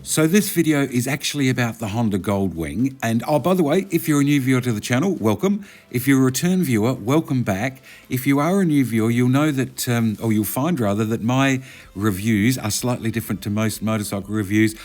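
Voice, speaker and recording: A man's voice: medium pitch, expressive, a little fast, darkish tone. A man, chatting casually as he narrates a motorcycle review video. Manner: chatty, conversational, self-correcting.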